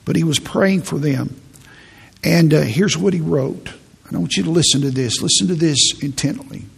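A man's voice: a little high, normal speed. A middle-aged male pastor preaching a sermon, telling stories in an earnest, pastoral way. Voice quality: gravelly, husky. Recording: long reverb in a large hall.

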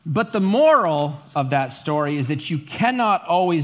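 A man's voice: a little high, very animated, normal speed, hardly any pauses. A male pastor giving a sermon, humorous and self-deprecating, often restarting his words.

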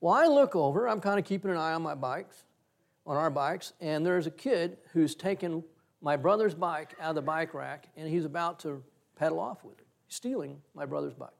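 Middle-aged pastor guy, bit high voice, animated storytelling sermon, gets loud fast. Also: gravelly.

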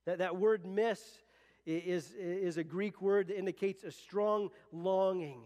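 A man's voice: sits high, fairly even intonation, unhurried, darkish tone. A man preaching a sermon as pastor, earnest and conversational, often restarting his sentences. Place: church sanctuary. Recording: long reverb of a church hall.

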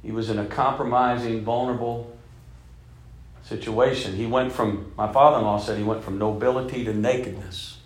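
A man in his fifties preaching a sermon as a bishop, telling stories and swinging between loud emphasis and soft, hushed passages. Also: medium pitch, fairly even intonation, normal speed, echoey room. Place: church sanctuary.

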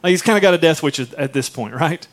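Male pastor, higher voice, conversational storytelling sermon. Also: fast talker. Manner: conversational, animated storytelling with frequent asides.

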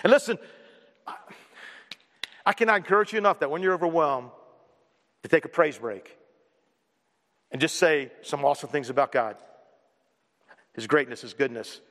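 A male pastor delivers an energetic sermon, hammering phrases over and over and slipping in jokes. His voice sits high, and it rings through a big hall with a long echo. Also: normal speed, pauses often. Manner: energetic, repetitive and joking.

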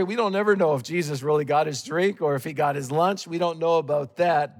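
Canadian guy preaching, telling stories, goes loud then quiet, kinda high voice, long echo in the hall. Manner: storytelling, animated swings between loud and hushed. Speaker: guest preacher. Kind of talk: sermon.

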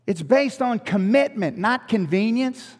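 A man preaching a sermon, animated, with rhetorical questions and joking asides to the congregation. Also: sits high, a little slow, in a large hall. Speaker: pastor.

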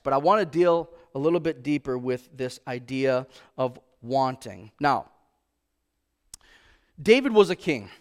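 A man preaching a sermon in a church, talking conversationally with lots of rhetorical questions and slowing down to stress scripture quotes. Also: a little high, clear, resonant tone. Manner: slows for emphasis on scripture quotes. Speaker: pastor.

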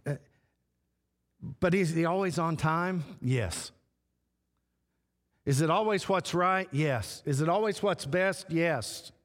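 A man preaching a sermon as pastor, slow and repetitive, stressing short phrases again and again. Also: a little high. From Texas. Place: church sanctuary. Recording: long church hall reverb.

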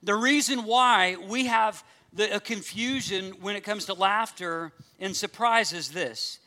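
Bright-voiced man preaching with humor. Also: sits high, a little slow. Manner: humorous, conversational, acts out audience reactions. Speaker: pastor. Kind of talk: sermon.

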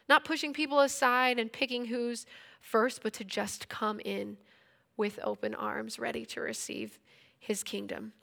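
Woman teaching scripture, gravelly voice. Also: a little high, a bit bright. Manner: conversational, retells scripture in everyday speech. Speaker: Bible study teacher. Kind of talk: casual devotional teaching.

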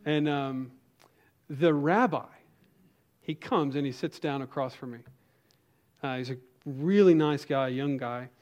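A man's voice: medium pitch, unhurried, pauses often, a little mellow. A man preaching a sermon as a pastor, telling a personal story in a conversational way with frequent restarts and asides.

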